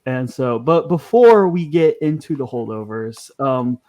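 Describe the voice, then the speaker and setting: A man's voice: medium pitch, lively intonation, measured pace, a little mellow. A man hosting a podcast, talking casually and chattily, with frequent ums and restarts. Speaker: podcast host.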